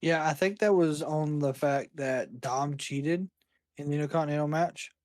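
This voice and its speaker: A man's voice: a little high, moderate pace, a little mellow, no echo. A man co-hosting a casual wrestling chat, enthusiastic and chiming in with short agreements and opinions. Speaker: podcast co-host.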